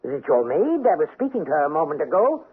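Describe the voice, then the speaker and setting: A man playing a suspicious, blustering aristocratic husband in a radio drama, with a raspy voice and a theatrical, demanding manner. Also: on the high side, very animated, fast talker. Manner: theatrical, demanding, sharp questions. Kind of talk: 1970s-80s radio drama acting. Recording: tinny old radio broadcast.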